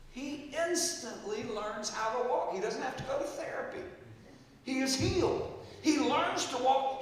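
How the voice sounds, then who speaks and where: A man in his seventies preaching a storytelling sermon, swinging from loud exclaiming to hushed quoted words. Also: very high voice, a little hiss or hum. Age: 70s. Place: large church hall. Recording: echoey hall, mic from far off.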